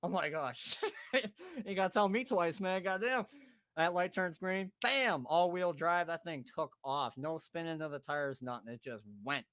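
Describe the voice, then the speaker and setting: A podcast host spins a rowdy tale with lots of cursing, bursts of laughter and quick impressions of his buddies. His voice sits a bit high for a man and has a bright, forceful edge. The sound is dry and close, with no room around it. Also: clean tone, no room sound. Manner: animated, swearing, laughing, acting out friends' voices. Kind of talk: casual storytelling.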